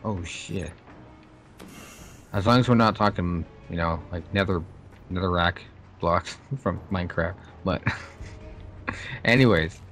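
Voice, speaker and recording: A man's voice: low-pitched, slow pace, long pauses, a bit bright, faint music behind. A young man from Canada chatting and joking with friends while playing a co-op game. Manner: joking, laughs often, teasing. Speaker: gamer. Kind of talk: casual co-op gaming chat.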